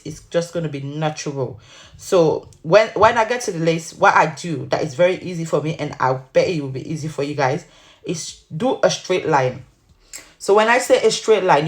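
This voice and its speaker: A low-pitched woman explains her wig-making steps in a casual, sassy way. She calls her viewers honey and sweetheart as she works, talking into the camera mic. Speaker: wig maker showing her craft. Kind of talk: casual tutorial talk to viewers.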